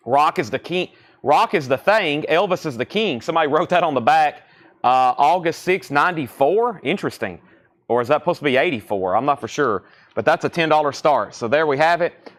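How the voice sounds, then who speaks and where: A man's voice: on the high side, a bit bright. A man with a Southern US accent hosting a live-stream record auction, chatty and rambling as he reads out titles and prices. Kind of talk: live-stream sales patter.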